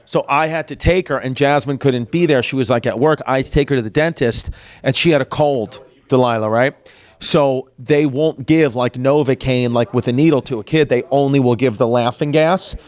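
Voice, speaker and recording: A man hosting a podcast, telling stories in a loose, animated way, full of fillers and swearing. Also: medium pitch, normal speed. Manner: animated storyteller, lots of "like" and swearing. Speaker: podcast host. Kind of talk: casual chat.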